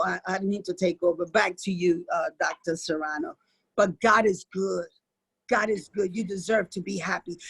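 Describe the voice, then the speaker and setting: A woman's voice: mid-range voice, fairly even intonation, normal speed, husky, poor audio. A woman guest on a video-call panel, speaking in an emphatic preaching cadence. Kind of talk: impassioned faith testimony.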